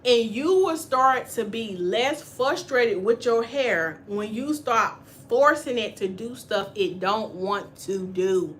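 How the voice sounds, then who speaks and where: Bright-voiced, animated woman hair stylist. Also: fairly high pitch, slight background noise. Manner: animated and chatty, acts out quoted voices. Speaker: natural hair stylist and channel host. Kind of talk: casual spoken hair-care class.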